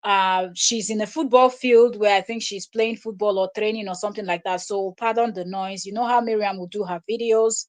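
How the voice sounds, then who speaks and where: A woman's voice: medium pitch, fairly even intonation, normal speed, few pauses. A woman hosting a live stream, commenting scornfully on clips she plays from another creator. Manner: scornful, laughs loudly and mocks. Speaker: live stream host reacting to videos. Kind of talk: commentary on a played video.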